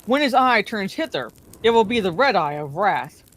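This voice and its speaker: A woman's voice: medium pitch, very animated, normal speed, fairly bright tone. A woman reading aloud, voicing an old male wizard who speaks sternly and with authority. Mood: calm. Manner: stern and commanding.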